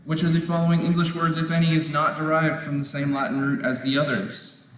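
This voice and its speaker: A man moderating a quiz competition, reading questions aloud in a measured way, repeating them and ruling on each answer. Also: a little high, flat delivery, a bit bright. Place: large indoor competition hall. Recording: echoey hall from far off, faint noise.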